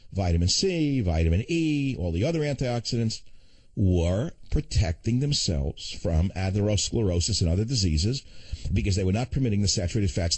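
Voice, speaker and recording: An older man hosting a talk radio show, ranting fast with sarcastic asides. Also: on the low side, a little mellow, dry recording.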